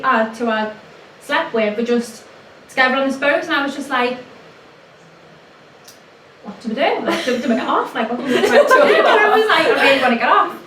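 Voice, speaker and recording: A young woman co-hosting a podcast, telling stories in casual chat, animated and laughing often, jumping her voice up when she quotes people. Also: high-pitched. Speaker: podcast co-host. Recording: echoey room, mic at a distance, faint noise.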